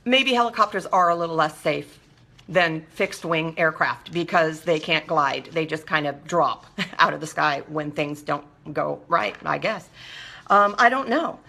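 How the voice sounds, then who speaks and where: A woman's voice: low voice, a little slow, creaky, pushed and bright. A middle-aged woman from Southern California hosting a live talk show alone, chatty and often asking her listeners "right?". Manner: chatty, keeps asking listeners "right?", acts out quoted voices. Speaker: host. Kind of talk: solo live-show monologue.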